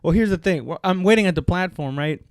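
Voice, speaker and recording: A man co-hosting a comedy podcast, telling a long street story in casual chat and acting out the shouted lines of the people in it. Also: sits high, fast, no room sound, clean studio sound. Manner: animated storyteller, acts out shouted quotes, profane. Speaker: podcast co-host.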